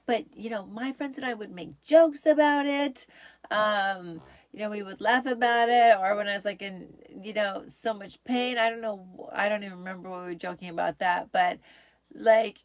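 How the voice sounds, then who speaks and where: A woman's voice: medium pitch, no echo. A middle-aged woman hosting her own show, talking in an upbeat, chatty way with lots of fillers. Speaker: host. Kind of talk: casual solo show.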